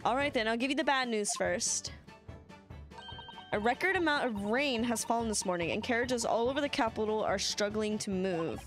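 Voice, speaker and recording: A woman's voice: fairly high pitch, normal speed, soft background music, close to an everyday voice. A woman voicing an eccentric, showy male detective, reading game dialogue aloud. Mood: breezy.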